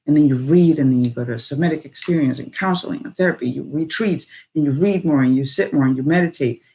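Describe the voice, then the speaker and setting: A woman with a deep voice speaks quickly and casually about personal growth. She sounds reflective yet animated, rambling and full of fillers.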